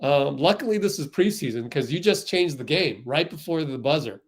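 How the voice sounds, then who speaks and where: Excitable man calling a game live. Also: a little high, normal speed. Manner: excitable, outraged at the refs. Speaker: fan livestream host. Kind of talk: live play-by-play commentary.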